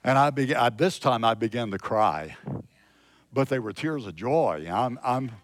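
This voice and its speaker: A man preaching a sermon, slow and emphatic, swinging from loud exclamations to hushed storytelling. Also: medium pitch, animated, no echo. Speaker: pastor.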